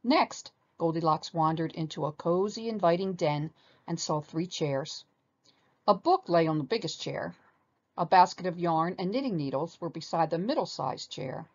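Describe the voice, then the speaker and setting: A woman reading a children's story aloud with animated expression. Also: lowish voice, moderate pace, dull audio.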